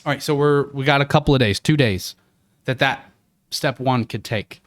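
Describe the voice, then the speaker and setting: A man who trains dogs, hosting a podcast: he reads out a list of steps, then gives his own opinion in a relaxed, conversational way. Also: mid-range voice, normal speed, no room sound. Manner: conversational, with fillers and restarts. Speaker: dog trainer and podcast host. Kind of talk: casual podcast commentary.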